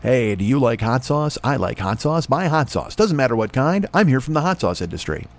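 A man putting on a slow, deep mock voice of a commercial announcer. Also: very animated. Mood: smooth pitch. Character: smooth adult male commercial announcer.

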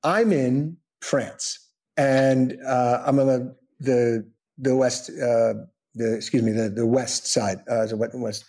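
A middle-aged man, a soap actor being interviewed, telling anecdotes casually and acting out the people in them with lively, raised voices. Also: slow. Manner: animated storyteller, acts out quoted voices in high pitch. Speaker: soap opera actor guest.

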